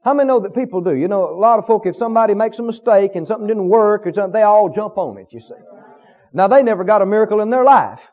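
A man's voice: sits high, lively intonation, quick pace, dull audio. A man preaching a sermon with emphasis, often asking the congregation questions.

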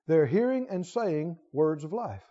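Male preacher, high and lively, folksy and emphatic, church hall reverb. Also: a little slow. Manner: animated, rising to emphatic exclamations, conversational asides. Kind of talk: sermon. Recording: dull audio with long hall reverb.

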